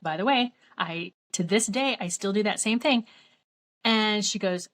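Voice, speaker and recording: A woman's voice: medium pitch, measured pace, fairly bright tone. A woman vlogger earnestly telling a personal story, quoting both sides of a conversation as she goes.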